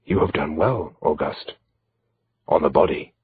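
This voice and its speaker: A man's voice: very deep voice, measured pace, husky, dry recording, pitched below the performer's own voice, heavily acted. A man voicing a stern, portly priest who speaks in a dry, disapproving way, in a slightly dull lo-fi recording.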